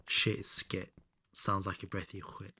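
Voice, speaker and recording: A man's voice: low voice, completely flat delivery, a little slow, pushed and bright, a little hiss or hum. A man chatting casually with his viewers while playing a game, joking and bantering, now and then muttering under his breath. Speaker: streamer. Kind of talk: casual live-stream chat while gaming.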